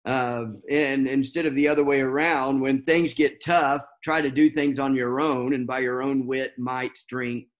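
Slow, hesitant male preacher. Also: mid-range voice, little pitch movement. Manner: unscripted, many fillers and restarts. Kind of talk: sermon.

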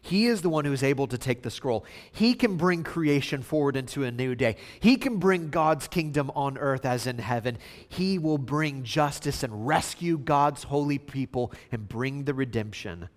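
A man preaching a sermon, swinging between hushed, slow passages and loud, emphatic outbursts. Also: medium pitch, lively intonation, big-room sound. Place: church sanctuary.

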